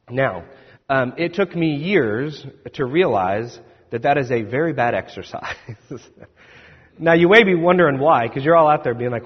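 A man's voice: medium pitch, animated, moderate pace, breathy edge. A man preaching a sermon as pastor, in a conversational, self-deprecating storytelling manner. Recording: echoey hall, dull sound.

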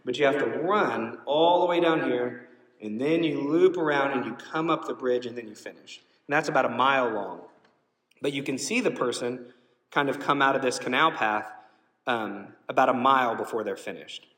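A male pastor tells a story from the pulpit in a lively, emotional way. His voice sits at an ordinary pitch, caught from a distance, and rings through a large hall with a long reverb. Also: moderate pace. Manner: storytelling, animated and emotional, shouting out quoted cheers. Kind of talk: sermon. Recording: roomy hall, voice from some distance.

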